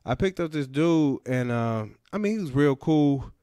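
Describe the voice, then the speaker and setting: Smooth-voiced man hosting a comedy radio podcast. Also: a little high, lively intonation, moderate pace, warm tone, no echo. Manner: laid-back storytelling, repeating punchlines. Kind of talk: comedic monologue. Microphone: studio microphone.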